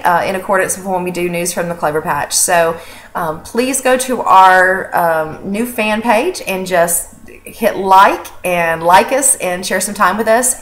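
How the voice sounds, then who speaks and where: A woman's voice: mid-range voice, fairly bright tone. A woman hosting a casual video update for an animal sanctuary, talking in an earnest, chatty way with many fillers and restarts. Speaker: animal sanctuary director and host.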